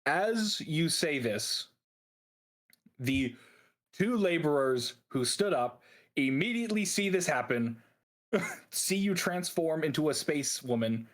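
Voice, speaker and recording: A man's voice: fairly high pitch, animated, slow pace, long pauses. A man narrating as game master of a tabletop game, often laughing while he talks.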